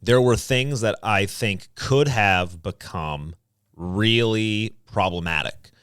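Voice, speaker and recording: Low-voiced man co-hosting a podcast. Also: a bit bright, clean tone, dry recording, clean studio sound. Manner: loose, halting, many fillers. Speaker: podcast co-host. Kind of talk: casual podcast chat.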